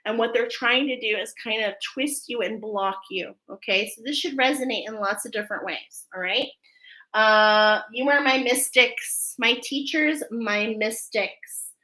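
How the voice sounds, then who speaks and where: Bright-voiced woman giving a spiritual reading. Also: fairly high pitch, unhurried, low-quality recording. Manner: earnest, tags phrases with a questioning "okay?"; emotional, effusive. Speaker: oracle card reader.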